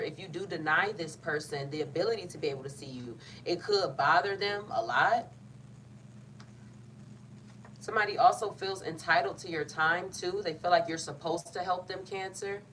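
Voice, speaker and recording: A young woman does a casual, playful tarot reading, talking in a loose, chatty, colloquial way and often cutting herself off. Her voice is on the low side and a bit bright. The mic sounds slightly distant, with faint background noise.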